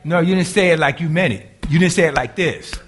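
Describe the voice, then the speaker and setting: An older man, a grandfather, preaching a sermon and swinging from hushed asides to loud, raised bursts. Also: on the high side, brisk, slightly rough. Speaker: pastor.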